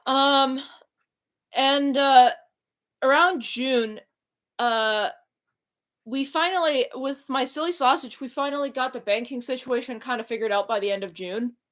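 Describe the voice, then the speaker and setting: A woman's voice: high-pitched, unhurried, a bit bright. Young woman rambling with fillers. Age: young adult. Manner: rambling, many fillers and restarts. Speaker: YouTuber. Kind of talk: casual chat.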